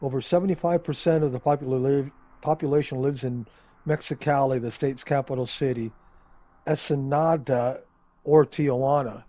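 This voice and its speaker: A man's voice: mid-range voice, steady tone, normal speed, dark tone, no room sound. A man hosting a flight simulator video, chatting casually and rambling with many ums and uhs as he thinks aloud. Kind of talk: casual gameplay commentary. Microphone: desk microphone.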